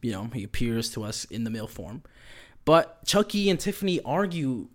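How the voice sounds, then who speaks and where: A man's voice: medium pitch, big pitch swings, normal speed. Loose, profane man recapping casually. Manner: loose and profane, lots of "like" and "you know"; acts out quoted characters while retelling. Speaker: pop culture commentator.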